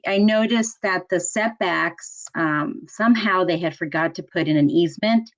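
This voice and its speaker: A middle-aged woman in code enforcement, telling a work story in a panel talk, animated and laughing often. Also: on the low side, moderate pace. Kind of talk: panel discussion, personal story.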